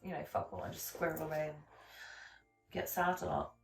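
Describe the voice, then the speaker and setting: A woman's voice: low voice, big pitch swings, fairly quick, vocal fry. Woman, podcast co-host, rambling storyteller, distant echoey mic, faint music behind. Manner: rambling, swearing, restarts. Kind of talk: casual chat, storytelling.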